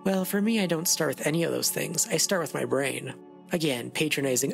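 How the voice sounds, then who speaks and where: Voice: mid-range voice, fairly quick, creaky, faint music behind. An animator giving casual advice to viewers in a voice-over, sarcastic and rambling, with frequent asides. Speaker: animator and video creator.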